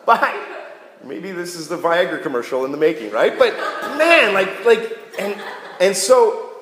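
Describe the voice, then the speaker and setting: A man's voice: high-pitched, big pitch swings, a little slow, crowd noise. A man preaching a casual sermon, joking and conversational, often checking in with "right?". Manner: jokey, conversational, keeps asking "right?". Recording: echoey hall with long reverb.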